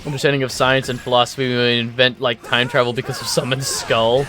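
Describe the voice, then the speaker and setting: Rambling excitable man playing a game. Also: mid-range voice, fairly quick, over music. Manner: rambling, excitable, swears casually. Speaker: gaming YouTuber. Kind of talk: casual let's play commentary.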